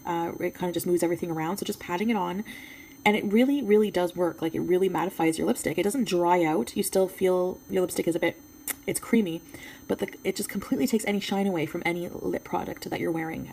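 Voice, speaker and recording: A French Canadian woman talks through a casual makeup review, with a fairly low, gravelly voice. She is chatty and hesitant, with lots of ums. There is a faint hiss of room noise behind her. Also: darkish tone, low-quality recording. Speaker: beauty vlogger.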